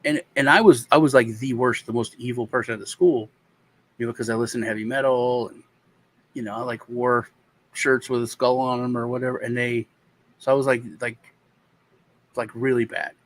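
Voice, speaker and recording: A man's voice: mid-range voice, fairly even intonation, fairly bright tone, rough recording. Rambling American man telling a story. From United States. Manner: rambling, halting storyteller with many restarts and fillers. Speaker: co-host telling a childhood story. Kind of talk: casual chat.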